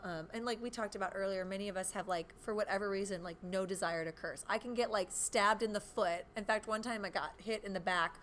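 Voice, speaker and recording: A woman hosting a casual group chat about caring for children, chatty and quick to laugh and joke. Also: mid-range voice, a bit bright, slight background noise. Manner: chatty, laughs often, jokey asides. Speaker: podcast host.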